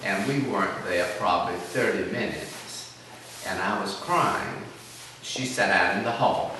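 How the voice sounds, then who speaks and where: A man's voice: sits low, sharp tone. An older man from telling rambling, folksy stories about his childhood. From South Carolina, US. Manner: rambling, folksy, self-deprecating. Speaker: oral history interviewee. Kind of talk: reminiscing storytelling. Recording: echoey room, distant mic, noisy background.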